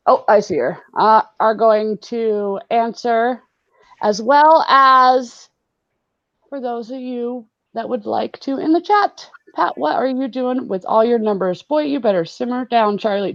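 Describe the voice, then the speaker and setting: A woman's voice: on the high side, no room sound. A woman hosting a casual live-stream hangout, chatting, laughing often and reading comments from the chat aloud over a video call. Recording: dull, lo-fi video call audio.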